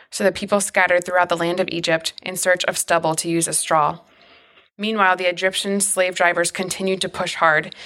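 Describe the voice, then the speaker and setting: A woman reads scripture aloud at a steady, measured pace. Her voice sits low and stays flat, with little rise or fall between lines. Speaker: scripture reader.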